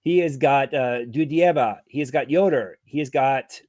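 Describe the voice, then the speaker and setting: A man's voice: mid-range voice, moderate pace, darkish tone, dry recording, clean studio sound. A man hosting a sports betting podcast, chatting casually, joking and plugging links. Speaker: podcast host.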